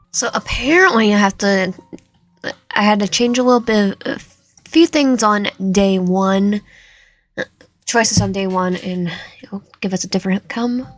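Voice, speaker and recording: A woman's voice: mid-range voice, unhurried, pauses often, faint music behind. A woman playing a visual novel, reading it aloud with musing asides. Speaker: gamer.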